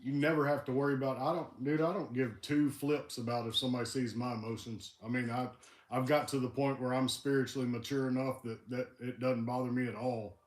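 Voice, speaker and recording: A man's voice: mid-range voice, fairly even intonation, fairly quick, echoey room. A man hosting a livestream, chatting casually and talking about faith in an earnest, encouraging way. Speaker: livestream host. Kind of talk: casual chat.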